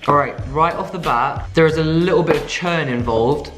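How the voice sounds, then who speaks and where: A man's voice: fairly high pitch, moderate pace, a bit bright, faint music behind. A young man from the UK chatting enthusiastically to camera about his food, casual and self-mocking. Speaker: vegan food vlogger.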